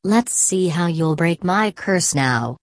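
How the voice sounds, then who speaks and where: A wicked storybook witch chants curses and sneers in a low voice, as a woman reads her. The tone stays close and dry, with no room sound. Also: animated, takes it slowly, dry recording. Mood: sneering.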